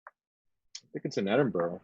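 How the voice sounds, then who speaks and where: Lower-pitched man chatting, halting with uhs. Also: lively intonation, a little mellow, breathy edge, no echo, dull audio. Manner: halting, many uhs, joking. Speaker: co-host of a live painting stream. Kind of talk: casual chat while painting.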